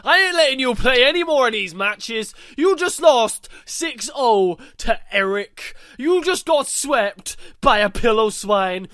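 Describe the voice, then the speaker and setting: A man's voice: very high voice, animated, measured pace, few pauses, pushed and bright, dry recording, studio quality, voice pushed up, exaggerated voice. A man voicing an aggressive, foul-mouthed young male rival, sneering and threatening. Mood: bullying.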